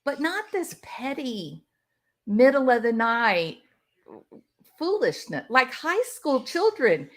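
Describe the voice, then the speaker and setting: Woman, youtube commentator, sarcastic, lively swooping voice, fairly high, unhurried. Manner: animated, sarcastic, laughs often. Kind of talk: casual commentary.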